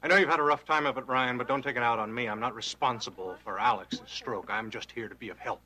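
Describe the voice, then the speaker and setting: A smooth, scheming rival. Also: male voice, mid-range voice, fast, bright, forceful tone. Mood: ingratiating. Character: smooth scheming businessman called Justin. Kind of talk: 1980s TV soap acting.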